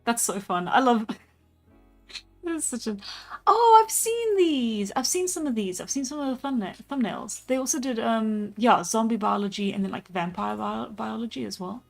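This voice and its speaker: A young woman from South Africa talks through a relaxed live drawing stream, answering chat in a casual, meandering way. She laughs easily and fills pauses with ums and uhs. Soft music plays faintly behind her voice. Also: a little high, gravelly. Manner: relaxed, chatty, laughs often, many fillers. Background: soft background music.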